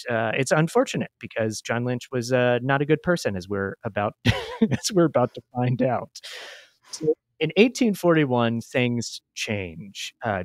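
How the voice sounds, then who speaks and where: A man's voice: mid-range voice, no room sound, studio quality. A man with a Midwestern American accent, hosting and telling a true story in a chatty, self-deprecating way. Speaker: podcast host. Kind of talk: casual storytelling chat.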